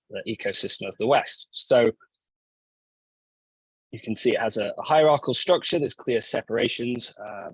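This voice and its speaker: A man presenting at a business conference, hoarse and raspy from a cold, halting and repeating words as he goes. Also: on the low side, no echo, poor audio. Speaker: company CEO presenting at a summit.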